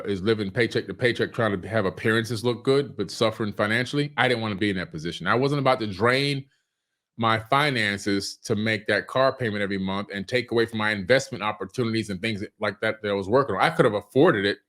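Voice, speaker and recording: A man giving casual business advice at home, talking loosely with restarts and clearing his irritated throat. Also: fairly low pitch, fairly bright tone. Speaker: online business coach. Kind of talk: casual monologue. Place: home room.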